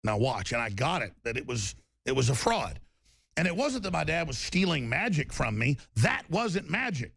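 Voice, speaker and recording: Gravelly ranting talk radio man. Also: on the high side, very animated, moderate pace, a bit bright, no echo. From Texas. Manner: ranting, emphatic, repetitive restarts. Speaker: radio talk show host. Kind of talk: political talk radio monologue.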